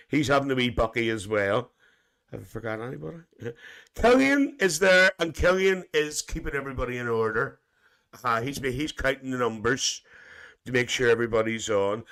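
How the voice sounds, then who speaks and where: A man's voice: medium pitch, a bit bright. A man with a Northern Irish accent hosting a live stream, chatting casually, teasing viewers and chuckling often as he tells a rambling, made-up story. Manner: chuckles often between lines. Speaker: livestream host reading viewer comments. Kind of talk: casual live chat, imagined coach trip.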